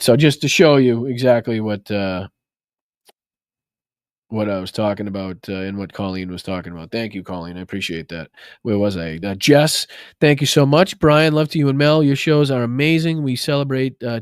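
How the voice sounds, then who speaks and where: A sarcastic, foul-mouthed man with a Boston accent hosts a political livestream, mixing mockery with thank-yous to viewers. His voice sits in a middle pitch. The sound is dry and close, with no room around it. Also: clean tone, no room sound. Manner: profane, sarcastic, mocking. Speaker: political commentary host. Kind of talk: livestream commentary and reading viewer donations.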